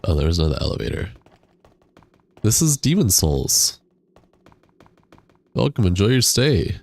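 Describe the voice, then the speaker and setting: Deep-voiced man streaming a game. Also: big pitch swings, unhurried, gravelly, darkish tone, husky, faint music behind. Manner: chatty, reads chat aloud, laughs often, swears casually. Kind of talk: casual live-stream chat while playing. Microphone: desk USB microphone.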